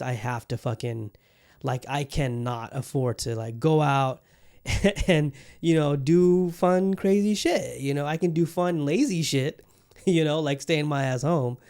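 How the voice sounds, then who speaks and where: At medium pitch and a little mellow, the host rambles casually on his podcast, cursing often and repeatedly cutting himself off to start over.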